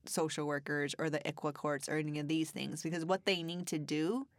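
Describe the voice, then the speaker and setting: Brief: woman podcast co-host, chatty storyteller, lower voice, dry recording. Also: flat delivery, brisk, no room sound. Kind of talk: casual chat.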